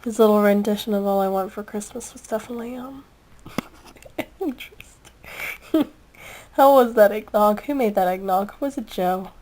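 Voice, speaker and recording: A woman's voice: medium pitch, moderate pace, long pauses, dark tone, poor audio. A young woman in casual chat, reviewing a video with a giggly, rambling, gushing manner.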